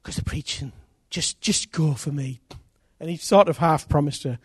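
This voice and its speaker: Sermon storytelling comes from a man whose voice is a little high and breathy, at a moderate pace, recorded in studio quality with no room sound. He acts out conversion stories with animation and repeated phrases.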